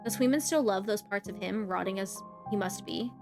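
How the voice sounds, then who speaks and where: A jealous, brooding young woman, read aloud by a woman streamer, quiet and intense in a visual-novel story. Her mid-pitched voice stays low-key and inward, turning over her resentment. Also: a little fast, vocal fry, music in the background, natural voice.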